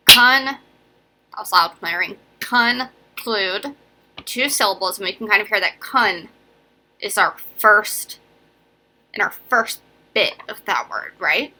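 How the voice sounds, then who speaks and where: An elementary school teacher, a young woman with a bright, forceful mid-range voice, gives a casual phonics lesson on video. She's chatty and encouraging, frequently asking "right?" and "okay?".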